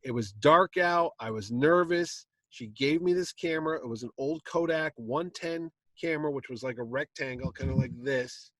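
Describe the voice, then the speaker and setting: A man's voice: a little high, moderate pace, hardly any pauses, no echo. A man hosting a convention panel, telling a story with plenty of acted-out quotes. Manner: lively anecdote, acting out quotes. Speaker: comic con panel host telling a story. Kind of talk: animated storytelling. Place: convention stage.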